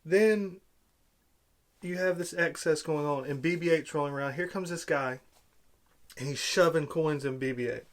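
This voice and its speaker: A man with a fairly high voice, ranting about a film he hated. He sounds exasperated and sarcastic, bursting out loudly at one moment and muttering to himself the next. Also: moderate pace, long pauses. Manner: exasperated, sarcastic, swings between loud outbursts and muttering. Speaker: movie reviewer.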